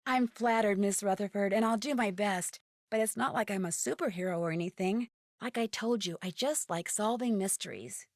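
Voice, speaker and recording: A woman's voice: mid-range voice, normal speed, no echo, clean studio sound, lightly acted. Nancy Drew, a woman voicing a polite teen sleuth. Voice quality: polite, plain and earnest. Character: young female teen detective, polite and earnest. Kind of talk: video game voice acting.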